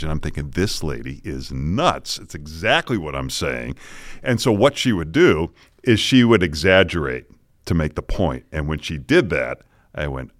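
Middle-aged male anchor, very deep voice, laid-back storyteller, no room sound. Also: moderate pace, dry recording, studio quality. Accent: General American. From Boston area, US. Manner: relaxed storyteller, self-deprecating, chuckles often. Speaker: morning news anchor, podcast guest. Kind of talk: casual interview chat. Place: podcast studio.

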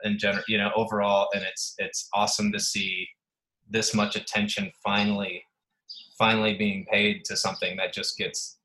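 A man's voice: on the low side, flat delivery, moderate pace, bright, forceful tone, low-quality recording. A man joining a podcast from his apartment, talking in a laid-back, rambling way with many restarts. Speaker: podcast guest. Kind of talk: casual conversation. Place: apartment at home.

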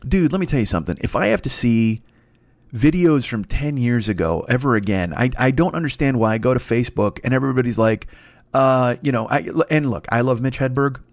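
A man hosting a solo comedy podcast, ranting in a profane, exasperated way that climbs into high indignant bursts. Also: animated, fairly quick, no room sound. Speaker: podcast host.

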